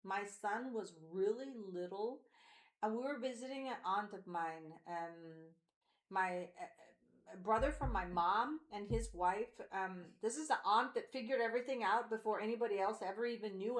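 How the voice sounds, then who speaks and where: A woman's voice: mid-range voice, normal speed, roomy sound. A woman in her forties on a podcast, telling personal stories in a rambling way, with lots of fillers and quoted voices. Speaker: podcast co-host. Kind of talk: candid personal conversation.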